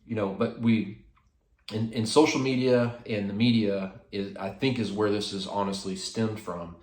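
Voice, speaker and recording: A man's voice: fairly low pitch, fairly even intonation, moderate pace, a little mellow, echoey room. A man hosting a casual devotional talk, speaking in a rambling way with many fillers and restarts. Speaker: host.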